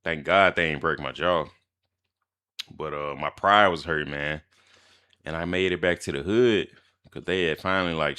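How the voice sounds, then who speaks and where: Young man, very deep but bright-edged voice, slangy storytime vlogger. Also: clean tone. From Mississippi, US. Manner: slangy, animated storytelling with laughs. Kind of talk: storytime vlog.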